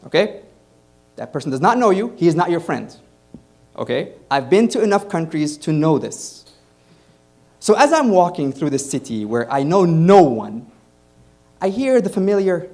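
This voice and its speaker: A man from Egypt tells a stand-up story on a club stage, his voice rising and falling with animated swings. He sits a little high in pitch and keeps slipping into the voices of the people in his tale. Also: normal speed, long pauses. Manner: animated, acts out other voices. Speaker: comedian and host.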